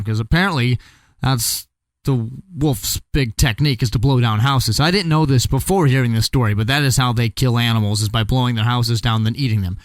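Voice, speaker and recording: A man's voice: medium pitch, fairly quick, no echo. Chatty man telling a comic fairy tale. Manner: chatty, joking asides. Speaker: storyteller. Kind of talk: casual comic storytelling.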